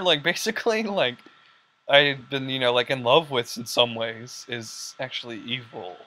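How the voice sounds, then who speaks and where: A young man hosting a casual podcast, rambling excitedly with lots of fillers and quoted lines. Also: medium pitch, measured pace. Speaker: podcast host. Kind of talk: casual chat.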